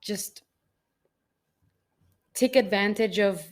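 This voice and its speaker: A woman co-hosting a podcast in casual chat, candid and reflective, with frequent "like" fillers. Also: extremely slow. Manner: candid, many "like" fillers, mid-range pitch. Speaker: podcast co-host.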